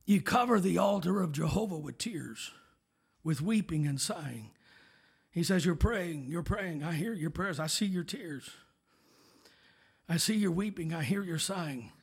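A high, gravelly man's voice, bright and edgy, delivers a fiery sermon. He is very husky and raspy. He climbs to shouted exhortations, then drops to hushed asides, with frequent call-outs to the congregation. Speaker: pastor.

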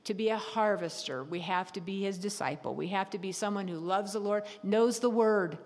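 A middle-aged woman tells a personal story from the pulpit, animated and laughing as she acts out her own thoughts. Her voice sits at an everyday pitch and rings with the long reverb of a church hall. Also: normal speed. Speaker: speaker at a church service.

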